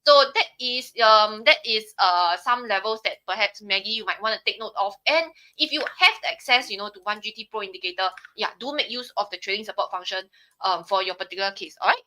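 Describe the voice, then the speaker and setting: A woman's voice: medium pitch, brisk, sharp tone. A young woman with a Singaporean accent walking viewers through stock charts on a live stream, checking in often with "right?". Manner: explanatory, frequent "right?" tags. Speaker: trading analyst on a live stream.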